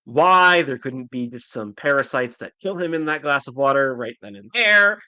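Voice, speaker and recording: Male podcast co-host, sarcastic comic talk, lively and bright, dry sound. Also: medium pitch, normal speed, dry recording. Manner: animated, sarcastic, frequent "like". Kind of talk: casual comic book discussion.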